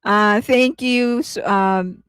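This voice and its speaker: A woman's voice: medium pitch, steady tone, extremely slow, fairly bright tone, clean tone, no room sound. A woman creator giving casual commentary to her viewers, chatty and repetitive, often breaking into laughter. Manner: chatty, repeats herself, many fillers. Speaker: content creator.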